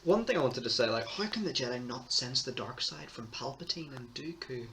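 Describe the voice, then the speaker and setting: A man's voice: medium pitch, animated, brisk, bright, forceful tone, slight background noise. A teenage boy, co-hosting a casual film podcast, laughing often and quoting lines. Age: teens. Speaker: podcast co-host.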